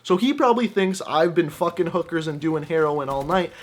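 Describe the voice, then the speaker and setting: A young man hosting a gaming channel, telling an animated, jokey personal story over gameplay commentary. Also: on the high side, a little fast.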